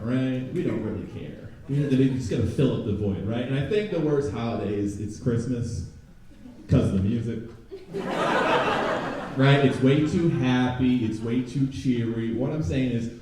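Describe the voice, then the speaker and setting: A young man performing a stand-up comedy set, chatting with the crowd and jumping into loud mocking voices. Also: mid-range voice. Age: young adult. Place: comedy club stage before a live audience. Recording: very echoey room, from a distance.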